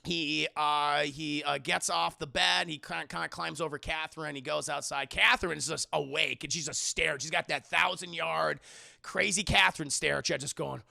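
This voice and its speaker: Young man, comic film recap, profane, animated, bright gravelly voice, dry close sound. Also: on the high side, moderate pace, no room sound. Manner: profane, animated, addresses the chat. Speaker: film reviewer streaming to a live chat. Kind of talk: casual comic plot recap.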